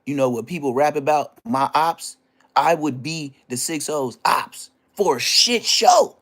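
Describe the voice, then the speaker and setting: A middle-aged man recounting street drama in a casual, animated storytelling rant, full of slang and repeated phrases. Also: a little high, a little slow.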